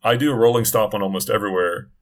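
A man's voice: on the low side, steady tone, rapid-fire. A middle-aged man chatting casually on a podcast, telling a long story with many restarts and asides. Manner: rambling, self-interrupting storyteller. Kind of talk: casual chat.

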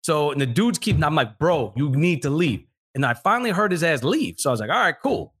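In a fairly high, fast and slightly rough voice, a podcast co-host tells a casual, expletive-filled story. He's animated, doing voices for the people he's describing.

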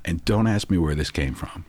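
A man's voice: low-pitched, lively intonation, unhurried, a little mellow, dry recording. A man in his sixties, a guest in an interview, telling reflective personal stories in a casual, anecdotal way.

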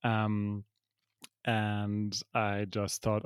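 A man's voice: medium pitch, moderate pace, no echo. Man, podcast co-host at home, self-deprecating and easygoing, dry close mic. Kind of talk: casual chat. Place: alone in his apartment.

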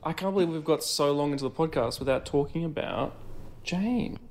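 A man's voice: on the high side, a little fast, a little mellow, a little hiss or hum. A young man, co-hosting a podcast, joking and often repeating words as he talks. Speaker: podcast co-host. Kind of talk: casual chat.

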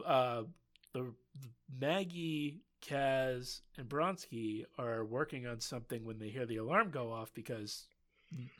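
A man's voice: mid-range voice, fairly bright tone. A man recapping a show episode in casual chat, rambling with lots of fillers and laughs. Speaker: podcast co-host recapping a show.

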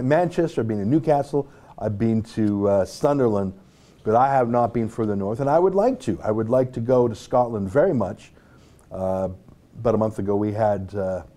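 A man's voice: lowish voice, warm tone. A man from North America hosting an online show, giving rambling, sarcastic casual commentary with many asides.

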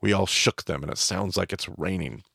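A man's voice: low-pitched, moderate pace, creaky, a bit bright, slightly rough, no echo, clean studio sound. A man who hosts a podcast and teaches by vivid storytelling. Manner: vivid storyteller, voices the crowd's chants.

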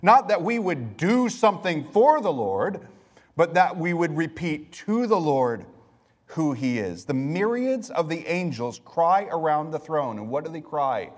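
A man's voice: mid-range voice, lively intonation, a little slow. Preaching man in a reverberant hall. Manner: rhetorical questions, emphatic and varied delivery. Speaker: pastor. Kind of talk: sermon. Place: church sanctuary. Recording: long reverb of a large hall.

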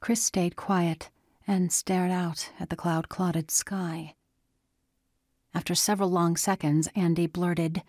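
A woman narrating a story in a steady storytelling manner. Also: lowish voice, takes it slowly, no echo, clean studio sound. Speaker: audiobook narrator. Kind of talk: scripted narration.

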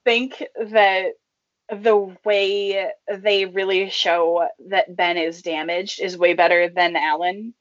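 A young woman chatting casually about a movie in a thoughtful, measured way. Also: medium pitch, steady tone, no room sound. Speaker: co-host discussing a movie. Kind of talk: casual chat. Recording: dry, dull lo-fi sound.

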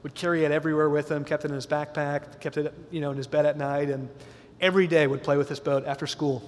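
A man preaching a sermon, telling a story in an earnest, slowly building way in a church. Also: on the high side, level tone. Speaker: pastor. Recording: long hall reverb, faint room ambience.

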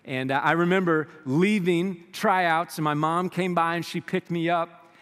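A man from the United States preaching a sermon, reading scripture and telling stories in an animated way. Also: fairly high pitch, measured pace, clear, resonant tone, in a large hall. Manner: animated storytelling, acts out quoted voices. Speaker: pastor.

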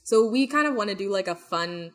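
A woman's voice: medium pitch, expressive, a little fast. A young woman co-hosting a podcast, chatting casually with lots of fillers and swearing. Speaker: podcast co-host. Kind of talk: casual chat.

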